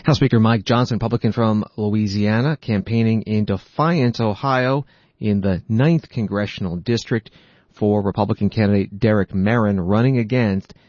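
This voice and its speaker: Low-voiced male news anchor. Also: normal speed, darkish tone, no echo, highs cut off. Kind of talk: scripted news narration.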